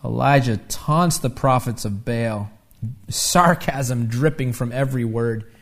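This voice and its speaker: A man preaching a sermon, animated and conversational, with asides and tag questions, rising loud when he acts out the taunts. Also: mid-range voice, measured pace. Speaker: pastor.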